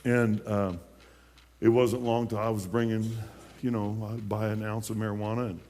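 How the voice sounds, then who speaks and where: A man's voice: fairly low pitch, little pitch movement, moderate pace, a little mellow. A man in his late fifties, a pastor giving his personal testimony in a sermon, telling it in a folksy way with many restarts and repeated words. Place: church sanctuary. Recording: long church hall reverb.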